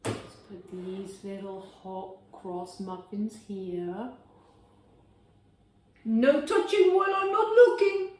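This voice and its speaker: A woman's voice: medium pitch, expressive, takes it slowly, long pauses, roomy sound, background noise. A woman hosting a home cooking vlog, chatting bubbly and giggly to her viewers as she bakes and tastes. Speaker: cooking channel host. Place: home kitchen.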